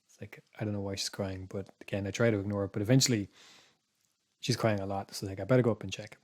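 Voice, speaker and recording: A man casually telling a spooky story on a podcast, rambling with restarts and dropping to a hush for his own thoughts. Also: lowish voice, flat delivery, fast talker. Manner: rambling, restarts, quiet asides when recalling his thoughts. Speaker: podcast co-host.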